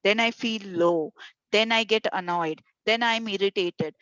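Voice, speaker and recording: At a measured pace, a woman with a medium-pitched, fairly bright voice facilitates a volunteer workshop by video call. She keeps things chatty with fillers and anecdotes she retells, all in dull, dry audio.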